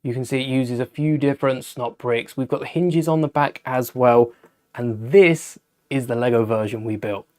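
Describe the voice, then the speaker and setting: A man's voice: medium pitch, moderate pace, a little mellow. A British man hosting a live Lego building stream, chatting casually, thinking aloud as he builds and answering viewers' questions. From United Kingdom.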